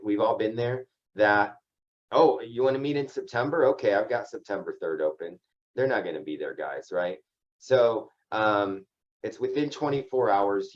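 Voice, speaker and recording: A man with a lowish, slightly mellow voice leads a casual insurance agency training call, captured on lo-fi audio. He talks conversationally and often caps his points with "right?".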